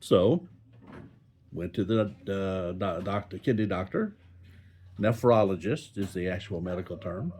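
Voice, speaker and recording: Older male vlogger, low husky voice, animated, folksy rambling from a hospital bed. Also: unhurried. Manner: rambling, folksy, joking asides. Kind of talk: casual talk to camera. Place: hospital room.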